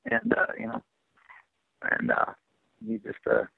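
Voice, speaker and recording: A fighter answering press questions on a conference call, halting with lots of fillers, heard over a phone line. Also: male voice, extremely high pitch, wildly swooping pitch, gravelly, husky, no room sound. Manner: halting, many fillers and restarts, dismissive. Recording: tinny dry phone line.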